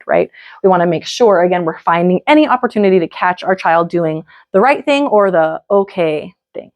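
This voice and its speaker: A woman's voice: on the low side, expressive, normal speed. A woman in her thirties, a parenting coach, giving a casual, chatty workshop talk full of "like" and "right?" asides.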